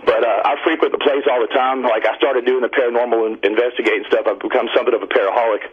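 A man from Indiana calling in to a radio talk show, telling a long story in a rambling, excited way. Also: medium pitch, fast, husky. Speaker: caller. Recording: dull radio line.

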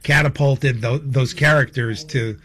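A man's voice: medium pitch, fairly even intonation, a little slow, a bit bright. A man guesting on a radio interview, rambling and enthusiastic with frequent chuckles. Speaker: comedian guest.

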